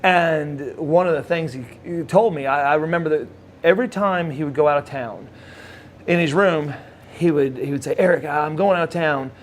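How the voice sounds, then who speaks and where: A man telling a personal story in casual speech, with halting restarts and lively acted-out quotes. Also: a little hiss or hum. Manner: animated, acts out quoted voices with big pitch jumps; halting restarts and repeated words. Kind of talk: casual spoken anecdote.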